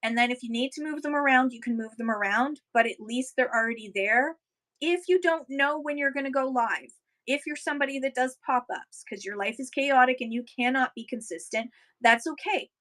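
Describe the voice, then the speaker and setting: A woman's voice: high-pitched, fairly quick, a bit bright, rough recording. A woman hosting a casual livestream, reading viewer comments aloud and encouraging sellers with upbeat tips.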